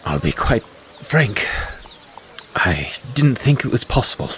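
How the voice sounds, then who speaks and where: A man's voice: mid-range voice, big pitch swings, measured pace, fairly bright tone, slight background noise. A man voicing an earnest, stunned male town mayor in a tabletop game, speaking frankly and solemnly.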